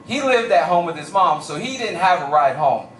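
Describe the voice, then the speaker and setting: A young man doing stand-up comedy, telling a story in animated, slangy speech. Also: on the high side, normal speed, a little hiss or hum. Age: young adult. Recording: roomy live venue, distant mic.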